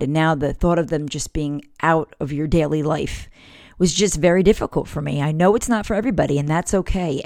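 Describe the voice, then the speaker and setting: A woman in her forties hosts a parenting podcast, speaking candidly and warmly through a personal story. Her voice sits low, and the close microphone keeps the sound dry with no room around it. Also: no room sound. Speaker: podcast host. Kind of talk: casual heartfelt monologue.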